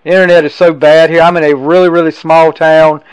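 A man's voice: fairly high pitch, flat delivery, brisk, clear, resonant tone, no echo, muffled recording. A man hosting a podcast from home, talking eagerly in casual interview style with frequent restarts. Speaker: podcast host. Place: home in a tiny town.

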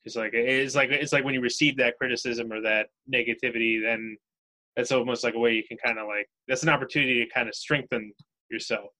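Bright-voiced agreeable male interviewer. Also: medium pitch, fairly even intonation, fairly quick, poor audio. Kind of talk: casual interview.

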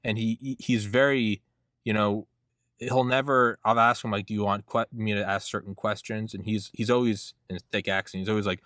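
A man with a low-pitched voice hosts a casual podcast interview. He rambles excitably and leans on "like" constantly. The sound is dry and close, with almost no room echo. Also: brisk. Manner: rambling, excitable, heavy use of "like". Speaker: podcast host.

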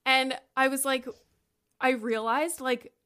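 A woman's voice: high-pitched, slow, smooth. A woman in her thirties from Canada, telling a story in casual chat with lots of fillers and casual swearing. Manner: animated, chatty, swears casually.

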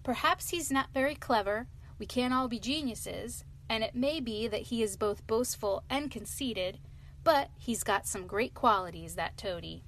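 A woman's voice: fairly high pitch, measured pace, fairly bright tone, a little hiss or hum. A woman reading as a cheerful water rat. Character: cheerful good-natured male water rat.

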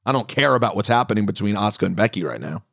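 A man co-hosting a podcast, chatting casually about wrestling in a blunt, opinionated, animated way with emphatic repeats. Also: lowish voice, rapid-fire, gravelly. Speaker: podcast co-host.

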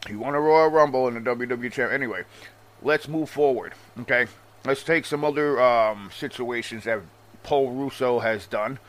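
A man ranting casually about wrestling history in a profane, animated and sarcastic manner. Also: mid-range voice, moderate pace. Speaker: wrestling commentator. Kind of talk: casual rant.

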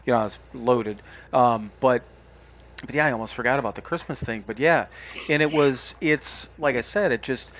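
A man co-hosting a podcast, talking candidly and reflectively, pausing and restarting as he speaks. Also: mid-range voice, a bit bright, a little hiss or hum. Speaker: podcast co-host. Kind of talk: casual podcast talk.

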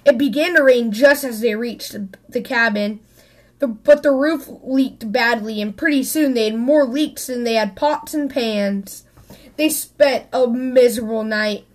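A woman reading a children's picture book aloud, expressive, with small slips and restarts. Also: on the high side, a little slow. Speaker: storybook reader.

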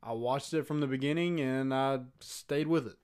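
A man co-hosting a casual chat, relaxed and laughing, his voice often trailing off quietly. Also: mid-range voice, normal speed, clean tone. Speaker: podcast co-host.

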